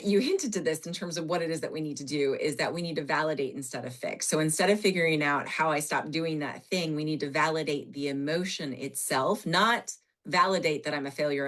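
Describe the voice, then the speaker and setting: A woman therapist speaking from her office on a podcast, explaining earnestly with animated emphasis. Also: low voice. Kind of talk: podcast conversation.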